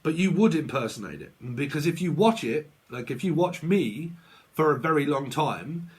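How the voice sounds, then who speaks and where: A man's voice: mid-range voice, husky. A man talking as a tarot reader in a blunt, sweary casual vlog rant, laughing often.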